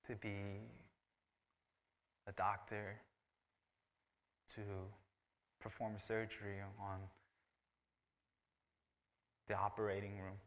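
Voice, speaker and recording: A pastor delivering a sermon in a low, bright, forceful voice. He swings from loud emphasis down to near-whispers, and his words ring out with a long hall reverb. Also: flat delivery, slow pace, long pauses. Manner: shifts between loud emphatic preaching and hushed whispers.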